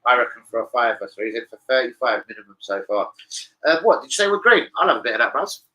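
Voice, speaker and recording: A man rambling casually to camera as a football betting vlogger, sweary and excitable. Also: mid-range voice, fast talker, husky, lo-fi sound.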